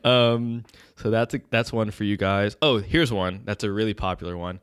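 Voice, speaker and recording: A man's voice: lowish voice, moderate pace, fairly bright tone, clean tone, dry recording, studio quality. A young man co-hosting a casual podcast chat, rambling loosely and searching for words. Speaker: podcast co-host.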